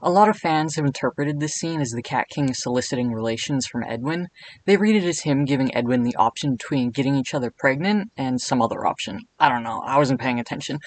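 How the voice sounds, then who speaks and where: A man narrating a comedic video essay in an irreverent, jokey way with deadpan asides. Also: mid-range voice, fairly quick, poor audio.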